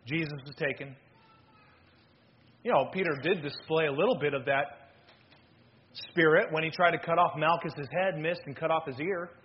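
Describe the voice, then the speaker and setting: A man preaching an animated sermon as pastor, swinging between loud and hushed delivery. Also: fairly high pitch, highs cut off.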